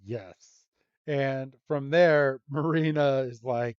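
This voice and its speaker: A man hosting a podcast, casually recapping an episode and slipping into quick voiced quotes of the characters. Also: medium pitch, steady tone, a little mellow, clean tone, dry recording. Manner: retells scenes with quick voiced quotes and laughs. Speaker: podcast host. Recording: dull lo-fi recording.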